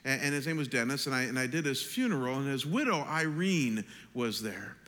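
An American man preaching a sermon as pastor, animated, climbing loud on his questions and slowing down to stress points. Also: medium pitch. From United States. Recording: long reverb of a large hall.

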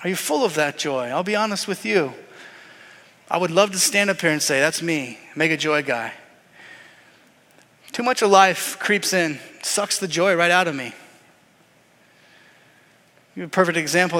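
High voiced guy preaching, acts out the voices, big echoey church. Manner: animated storytelling, acts out voices. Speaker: pastor. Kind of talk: sermon.

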